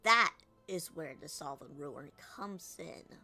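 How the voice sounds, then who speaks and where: An evil game villain, as a streamer woman reads it, hitting the first word hard and letting the rest fly out. Her voice is low and bright, slow, with faint music behind her. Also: full character voice. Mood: menacing. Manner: punches the first word of each line.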